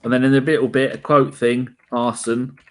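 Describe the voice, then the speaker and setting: A man's voice: medium pitch, flat delivery, moderate pace. A man, co-hosting a casual podcast chat, joking and laughing often. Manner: jokey, laughs often, banters. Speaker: podcast co-host.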